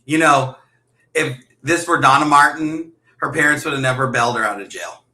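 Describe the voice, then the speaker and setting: A man's voice: mid-range voice, moderate pace, bright, forceful tone. A man hosting a casual livestream chat, animatedly telling stories, acting out quotes and laughing often. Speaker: host. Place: room in a house. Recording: echoey room.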